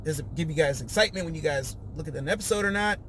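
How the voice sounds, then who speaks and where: Animated man recapping a show. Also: on the high side, racing, a little hiss or hum. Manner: animated, acts out quotes in raised voices. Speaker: podcast host reviewing a reality show. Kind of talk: casual recap chat.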